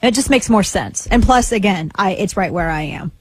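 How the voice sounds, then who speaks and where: A woman's voice: mid-range voice, expressive, normal speed, slightly rough, dry recording. A woman hosting a talk radio show, chatting casually in a rambling, playful way with lots of asides.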